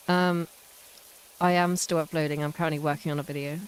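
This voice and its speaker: A woman's voice: low voice, steady tone, fairly quick, smooth, low-quality recording. A woman chatting casually on a game live stream, rambling and self-mocking.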